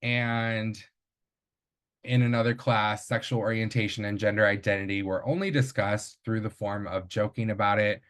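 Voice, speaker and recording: Man, lowish voice, academic presenter; measured delivery with fillers and self-corrections. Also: steady tone, a bit bright.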